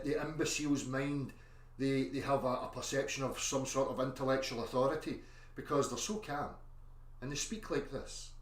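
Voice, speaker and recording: A man putting on a calm, polite, emotionless voice to mock a suited mainstream expert. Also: mid-range voice, echoey room, voice pushed down, natural voice.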